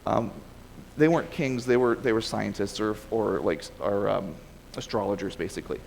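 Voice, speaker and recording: A man's voice: on the low side, moderate pace, gravelly, a little mellow, big-room sound, a little hiss or hum, low-quality recording. A man preaching a casual sermon and reading scripture aloud, talking conversationally with frequent restarts and self-corrections. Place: church sanctuary.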